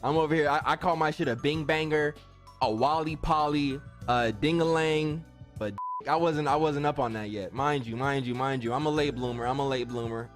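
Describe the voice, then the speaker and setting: A young man telling funny personal stories in a casual, slangy way, acting out what people said. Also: on the high side. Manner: animated, slangy, acts out quotes. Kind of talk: casual storytelling.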